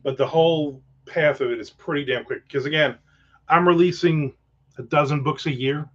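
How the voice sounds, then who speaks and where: A man's voice: fairly high pitch, normal speed, fairly bright tone. Rambling, profane man in casual chat. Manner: rambling, profane, joking asides. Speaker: author hosting a livestream. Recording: dull lo-fi sound.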